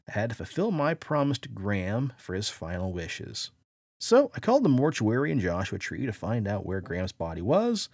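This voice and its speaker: A man hosting a podcast, spinning a dramatic first-person yarn with a gravelly, creaky edge and a voice that swoops up and down. He sounds close and dry on the mic, with no room around him. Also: medium pitch, no room sound. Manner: animated, acts out quoted voices. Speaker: podcast host.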